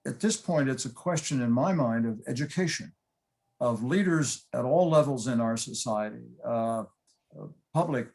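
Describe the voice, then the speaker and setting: A man's voice: mid-range voice, darkish tone. A man speaking as a panelist in an online discussion, earnest and emphatic.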